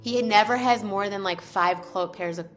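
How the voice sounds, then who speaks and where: A woman's voice: mid-range voice, normal speed, a bit bright, soft background music. A woman co-hosting a podcast, chatting casually and telling stories about home life, often acting out what others said. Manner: chatty storyteller, acts out others' lines. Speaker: podcast co-host. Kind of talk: casual chat.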